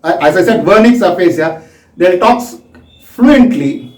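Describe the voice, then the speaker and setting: Brief: high-voiced male lecturer, deliberate and explanatory, mic at a distance. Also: animated. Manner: slow, explanatory, acts out examples. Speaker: medical lecturer. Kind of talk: recorded medical lecture. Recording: echoey room, voice from a distance.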